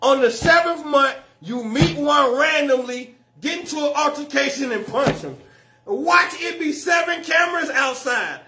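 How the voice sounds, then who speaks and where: A man doing stand-up comedy, telling a story loudly and with lots of slang and swearing, often laughing at his own jokes. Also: extremely high pitch. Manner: profane and slangy.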